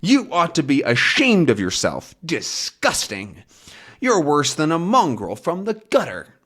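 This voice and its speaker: A brisk young comic-book reporter, a little higher than an everyday voice, scolding and bossing his dog about, as a man reads his lines aloud. Clipped and reproachful. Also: huge pitch swings, a bit bright, slightly rough, exaggerated voice.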